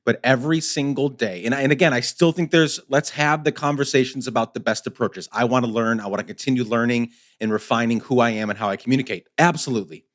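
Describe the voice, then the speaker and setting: A man hosting a podcast speaks at a mid pitch. He talks with passion and urgency, and his emphatic delivery keeps rising toward loud insistence. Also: fast, hardly any pauses. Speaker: podcast host. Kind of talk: casual conversation.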